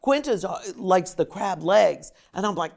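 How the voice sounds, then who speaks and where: Animated woman with a gravelly edge. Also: mid-range voice, measured pace. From Maryland, USA. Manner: animated, slips into playful voices. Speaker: actress guest. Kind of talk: casual interview chat.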